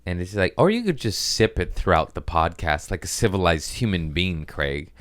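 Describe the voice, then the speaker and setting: A man's voice: low voice, sing-song, moderate pace, no echo, studio quality. A man hosting a casual comedy podcast, rambling in a profane, self-mocking way. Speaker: podcast host. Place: at home, gardeners working outside.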